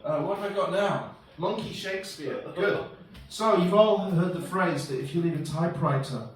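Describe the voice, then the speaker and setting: High-voiced guy doing rambling stand-up, recorded far off in a really echoey pub room. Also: normal speed. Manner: rambling, self-deprecating, acts out dialogue. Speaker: stand-up comedian. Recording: roomy echo from far off.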